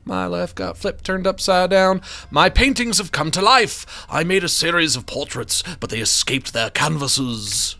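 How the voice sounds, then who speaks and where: Guy reading as a jumpy paranoid painter man, voice swinging all over, bright tone. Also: fairly high pitch, expressive, normal speed. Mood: frantic. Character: anxious haunted male painter, frantic and paranoid.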